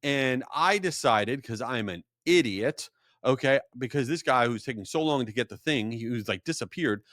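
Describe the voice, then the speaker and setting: A man's voice: medium pitch, normal speed, no echo. A man hosts a podcast in a loose, rambling monologue. His voice swings up and down with lots of life, and he pokes fun at himself as he goes. The sound is close and dry, with no room around it. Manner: animated, rambling and self-deprecating. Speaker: podcast host. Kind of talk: casual storytelling monologue.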